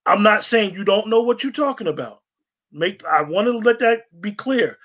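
Emphatic man, high voice, dull lo-fi sound, preachy co-host. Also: expressive, normal speed. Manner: emphatic, preachy, repeats for stress. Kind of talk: casual online discussion.

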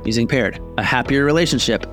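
Man reading a relaxed podcast ad. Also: mid-range voice, fast talker, music in the background. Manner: relaxed, chatty ad delivery with fillers. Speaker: podcast host. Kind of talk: ad read, casual chat.

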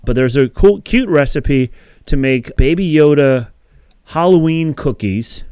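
A man's voice: a little high, animated, measured pace, mellow, clean tone, no room sound, clean studio sound. A man hosting a podcast in casual chat, rambling and chatty and laughing often between thoughts. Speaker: podcast host.

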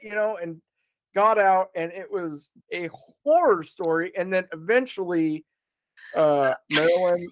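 A man's voice: high-pitched, measured pace, a bit bright, dry recording. A man telling a story as a podcast guest in a rambling, casual way, swearing freely and laughing along.

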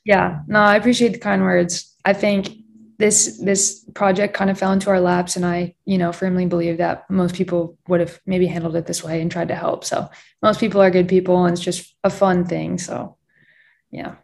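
A young woman chats casually as a podcast guest, her voice gravelly with a bit of vocal fry. She tells her story in loose run-on sentences full of "like" and quoted dialogue. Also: lowish voice, little pitch movement, normal speed. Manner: heavy use of "like", quoting others in storytelling. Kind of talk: casual chat.

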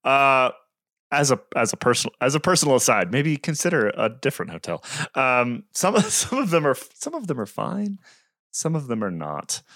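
Lively, bright-voiced podcast man. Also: medium pitch, normal speed, no room sound, studio quality. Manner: upbeat, chuckles through his points. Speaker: podcast co-host. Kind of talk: casual cycling chat.

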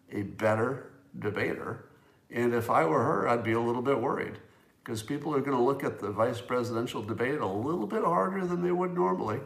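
Male host, solo commentary, emphatic and chatty, mid-pitched, roomy sound. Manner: conversational, emphatic, musing aloud. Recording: roomy echo.

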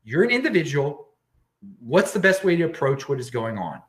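Male live-stream host, blunt and emphatic, lively pitch, stumbling restarts, echoey room. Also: moderate pace. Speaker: show host.

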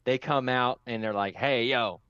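A man's voice: mid-range voice, moderate pace, fairly bright tone, clear, resonant tone, no echo. A man co-hosting a podcast, talking casually and telling his reactions with emotion. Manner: emotional, enthusiastic storytelling. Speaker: podcast co-host. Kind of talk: casual chat. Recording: slightly dull dry sound.

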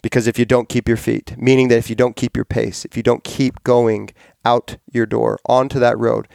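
A man's voice: medium pitch, flat delivery, moderate pace, vocal fry, darkish tone, dry recording, studio quality. A man hosting a podcast, chatting casually and enthusiastically, often rambling and correcting himself. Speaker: podcast host.

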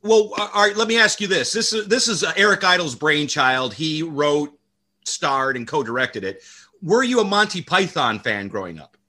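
Man, American, podcast host, casual chat, high pitch, bright tone. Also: lively intonation, normal speed. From United States. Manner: enthusiastic, stumbling restarts.

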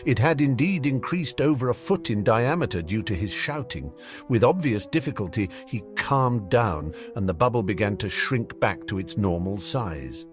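A man narrating a fan fiction audiobook with an expressive reading. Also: lowish voice, moderate pace, soft background music.

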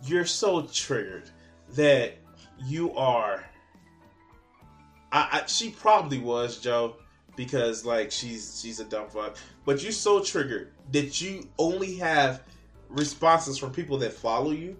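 A man's voice: medium pitch, animated, slow pace, a bit bright, faint music behind. Profane, mocking male video commentator. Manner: mocking, exasperated, swears a lot.

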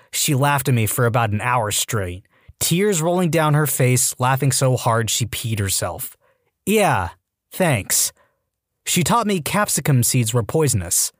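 A man narrating a series of online posts in an expressive, read-aloud style. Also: medium pitch, no echo, studio quality. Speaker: narrator reading Reddit posts.

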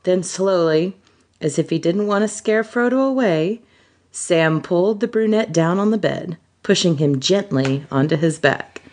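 Woman podcast co-host, reading aloud, very lively pitch, slow pace, laughing often. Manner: reads aloud, breaking into laughter. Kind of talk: reading fan fiction aloud.

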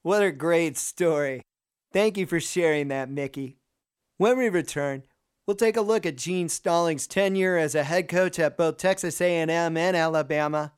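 A man's voice: fairly high pitch, normal speed, smooth, faint music behind. A man hosting and narrating a sports podcast, in a polished, scripted announcer delivery.

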